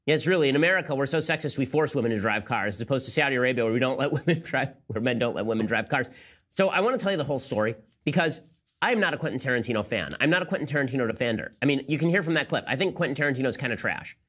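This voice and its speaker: Fast-talking sarcastic male commentator. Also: medium pitch, expressive, fairly bright tone. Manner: sarcastic, incredulous. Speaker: political commentary show host. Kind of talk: rapid-fire commentary.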